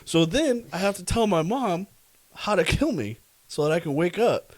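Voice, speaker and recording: A man co-hosting a podcast in casual chat, recounting a story with animated delivery, frequent laughs and fillers. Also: high voice, moderate pace, no echo. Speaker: podcast co-host.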